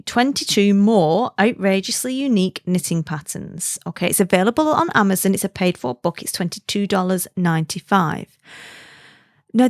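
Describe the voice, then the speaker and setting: A woman's voice: medium pitch, dry recording, clean studio sound. A woman hosting a casual podcast, chatty and giggling at her own jokes. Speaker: podcast host.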